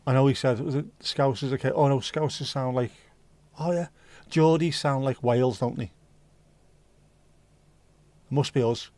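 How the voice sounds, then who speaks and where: A man's voice: mid-range voice, steady tone, normal speed, pauses often, a little mellow, no room sound. Chatty man hosting a livestream. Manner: chatty, rambling, swears casually. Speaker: livestream host. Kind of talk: casual chat reading viewer comments.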